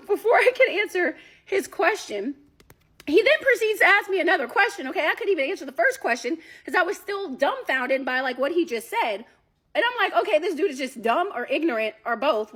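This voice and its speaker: A woman telling a story in a casual, animated way, talking straight to her listeners and swearing freely. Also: extremely high pitch. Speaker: storyteller recounting a date.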